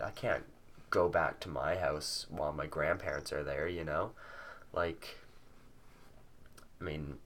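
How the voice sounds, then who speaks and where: Low-voiced young man rambling through a story. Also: fairly even intonation, a little slow, long pauses, a bit bright, slight background noise. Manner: rambling, swears a lot, many fillers. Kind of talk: casual storytelling vlog. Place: at home with a cat nearby.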